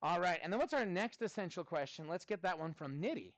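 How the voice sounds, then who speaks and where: A man in his thirties teaching a math class, chatting with students in a playful, animated way. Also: sits high, fairly quick, dry recording. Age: 30s. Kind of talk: classroom lesson.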